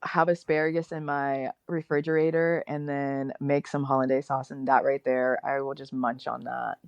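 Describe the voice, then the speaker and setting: A young woman as a guest in a casual interview, upbeat and chatty and quick to laugh at herself. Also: rumbling low, little pitch movement, clean tone, no room sound, muffled recording.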